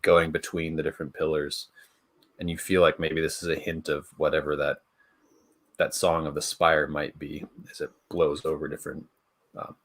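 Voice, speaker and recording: Game master: man with a very low, bass voice, halting, full of ums. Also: fairly bright tone. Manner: halting, many fillers and restarts. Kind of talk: narrating a tabletop game.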